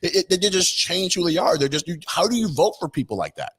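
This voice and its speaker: A man's voice: high voice, expressive, quick pace, a bit bright, husky. A man hosting an opinion vlog, talking in an indignant, mocking, rambling way. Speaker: political commentator host.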